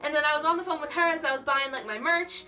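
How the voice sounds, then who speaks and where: A young woman vlogger telling a story in a gushing, excitable way, full of "like". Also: high voice, quick pace, far from the mic, soft background music. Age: young adult. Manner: gushing, excitable, heavy use of "like". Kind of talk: casual storytelling.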